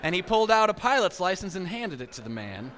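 A man preaching a sermon, telling stories in an animated way and acting out inner voices with big swings. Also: high voice, quick pace, a little hiss or hum. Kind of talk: sermon with storytelling. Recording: hall reverb.

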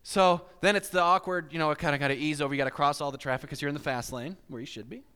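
A man preaching a sermon, telling stories in an animated way and acting out inner voices with big swings. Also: on the high side, very fast, smooth. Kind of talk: sermon with storytelling. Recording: hall reverb.

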